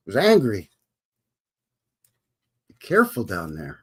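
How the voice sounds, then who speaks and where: Folksy husky-voiced man hosting a livestream. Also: medium pitch, wildly swooping pitch, slow pace, long pauses. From Alberta, Canada. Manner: folksy cowboy talk, greets chatters warmly. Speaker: livestream host. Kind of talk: casual live-stream chat.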